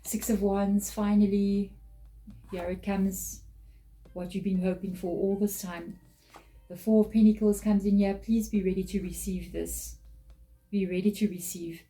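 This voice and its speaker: A woman's voice: mid-range voice, flat delivery, unhurried, mellow, low-quality recording. A woman giving an earnest, emotional tarot reading straight to camera, often repeating her phrases. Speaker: tarot reader.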